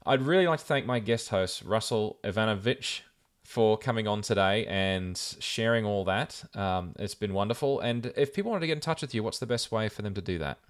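An Australian man hosting a podcast, chatting in a relaxed way with plenty of fillers. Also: on the low side, brisk, few pauses. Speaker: podcast host. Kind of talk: casual podcast chat.

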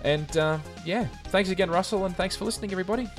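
An Australian man hosting a podcast, chatting in a relaxed way with plenty of fillers. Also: high-pitched, fast, soft background music. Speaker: podcast host. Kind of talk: casual podcast chat.

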